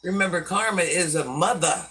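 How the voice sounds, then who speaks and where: A woman of around sixty, deep-voiced, plays Granny on her live stream, sharing homespun advice and calling viewers "baby" and "hun." Her speed is normal and her tone a bit bright; the recording is distant, with a faint hiss or hum.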